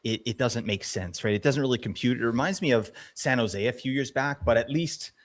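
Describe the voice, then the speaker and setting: A man's voice: medium pitch, a little fast. A man co-hosting a podcast, playful and jokey, stammering a little in casual banter. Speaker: podcast co-host.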